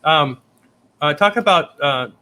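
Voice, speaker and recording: A woman's voice: deep voice, lively intonation, takes it slowly. A woman hosting an interview, mostly giving short agreeable responses and prompting her guest with questions. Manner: brief agreeable backchannels and prompts. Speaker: interview host. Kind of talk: casual interview. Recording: noisy background hiss.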